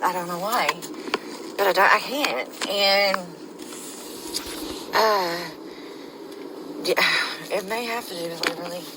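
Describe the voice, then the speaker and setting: A woman leaving a voice message, shaken and emotional, talking in halting, confused bursts that trail off. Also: lowish voice, background noise. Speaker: guest medium.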